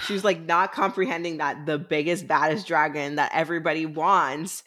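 Woman, lowish voice, podcast co-host, joking asides. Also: fairly even intonation, moderate pace, hardly any pauses, fairly bright tone. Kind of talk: casual book-club chat.

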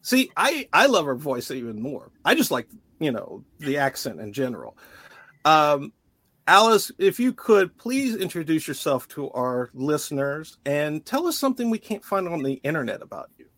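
A man's voice: on the high side, sing-song, moderate pace, fairly bright tone, dry recording. A man hosting a podcast interview, enthusiastic and joking with his guest. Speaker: podcast host.

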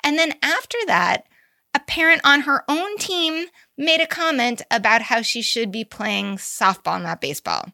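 A woman co-hosting a podcast, chatting casually about news with quick asides and easy laughs. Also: high voice, creaky, pushed and bright, dry recording, clean studio sound. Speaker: podcast co-host. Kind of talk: casual chat about girls' baseball news.

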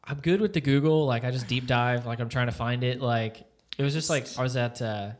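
Casting: young male co-host, easygoing, chatty and rambling, mid pitch. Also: fairly quick. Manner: laughs often, rambling with many "like"s. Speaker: podcast co-host. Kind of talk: casual chat.

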